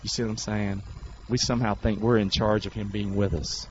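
A man preaching a sermon in a folksy, call-and-response way, swinging between shouted lines and low asides. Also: level tone, brisk, lo-fi sound, slight background noise. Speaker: pastor.

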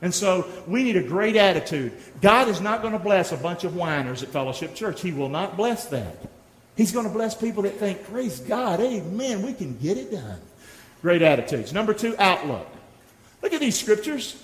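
A man's voice: high-pitched, animated, normal speed. A middle-aged man preaching a sermon as pastor, exhorting the congregation and calling for responses. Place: church sanctuary. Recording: echoey hall, long reverb.

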